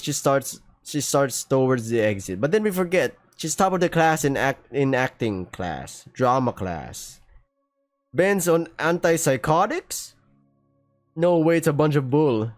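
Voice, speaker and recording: A young man narrating a visual novel for his gaming channel, reacting with animated jokes and the odd curse. His slightly high voice leaps around in pitch, recorded close and dry. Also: no room sound. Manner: animated, joking, swears casually. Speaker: gaming streamer. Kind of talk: reading a visual novel aloud with commentary.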